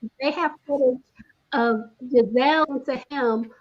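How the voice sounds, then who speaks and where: A woman's voice: high-pitched, moderate pace, highs cut off. A woman guest in a casual recap chat, talking emphatically and repeating her points. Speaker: guest commentator.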